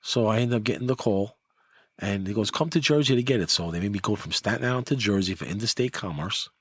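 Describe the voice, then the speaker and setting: A husky middle-aged man tells his story in a loose, animated way. His pitch jumps when he acts out what others said. The sound is dry and close. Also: quick pace, no echo. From New York. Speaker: guest, former mob enforcer. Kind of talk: casual storytelling.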